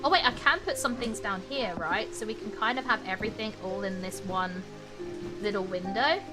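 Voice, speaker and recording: A woman's voice: mid-range voice, normal speed. A British woman chatting casually to her viewers while streaming a game. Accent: British English. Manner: chatty, talks to chat while playing. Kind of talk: casual live-stream chat. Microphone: desk mic with webcam. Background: game music.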